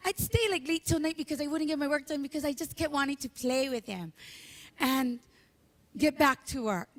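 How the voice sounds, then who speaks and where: High-voiced woman giving an emotional eulogy. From Hawaii. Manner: emotional, animated storytelling, tearful at moments. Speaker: memorial speaker. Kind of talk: memorial eulogy.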